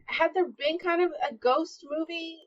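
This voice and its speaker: A woman co-hosting a podcast with excitable, profane reactions in casual chat. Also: very high voice, measured pace, no room sound. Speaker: podcast co-host. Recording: dull lo-fi mic.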